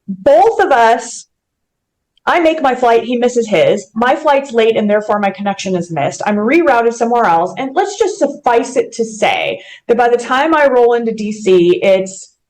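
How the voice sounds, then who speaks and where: This woman, a mortgage company president appearing as a podcast guest, speaks in a fairly high, expressive voice with a slightly mellow quality. At a moderate pace she earnestly relates a personal story, emotional and full of vivid detail, though the recording is rough.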